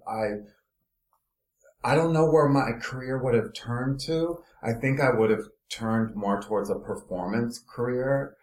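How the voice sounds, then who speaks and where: A man from Los Angeles, a guest in an interview, telling his career story in an animated, meandering way. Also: mid-range voice, measured pace, reverberant. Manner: animated storytelling, trailing off and restarting. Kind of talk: casual conversational interview.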